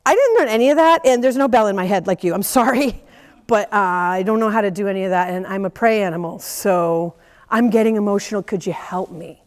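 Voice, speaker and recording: A woman voicing a patient, gentle horse that talks in simple, earnest sentences. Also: mid-range voice, animated, a little fast, big-room sound, lightly acted. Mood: pleading. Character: patient, gentle horse, pleading then amused.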